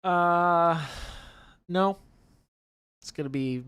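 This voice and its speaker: Lively, excitable male stream host. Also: medium pitch, measured pace. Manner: animated, teasing, exclaims and laughs often. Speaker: livestream co-host reading chat. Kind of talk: casual live stream banter.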